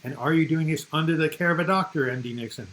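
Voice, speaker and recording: A man's voice: fairly high pitch, fast, fairly bright tone, slight background noise, poor audio. An older man from the United States hosting a casual live chat, rambling and reading viewer comments aloud.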